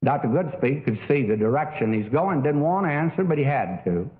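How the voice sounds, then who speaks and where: An older man preaching a sermon, telling a story with folksy asides, many fillers and a lively, rising and falling delivery. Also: medium pitch, fairly quick. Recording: phone-like narrow audio.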